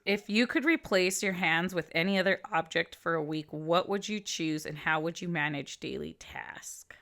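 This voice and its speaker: A woman's voice: on the low side, moderate pace, a bit bright. A woman in her thirties giving casual, blunt commentary as a vlogger. She swears freely and drops into whispered asides.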